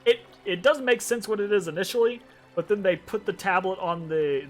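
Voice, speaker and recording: A man's voice: sits high, a little fast, faint music behind. A man narrating a tabletop game as game master, hesitant and full of ums and restarts.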